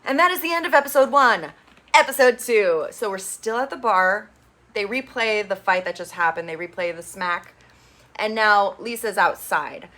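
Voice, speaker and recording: A woman hosts a casual recap of a reality dating show, with a bright, forceful voice. She talks in a chatty, opinionated way and swears casually as she goes. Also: medium pitch, expressive, moderate pace.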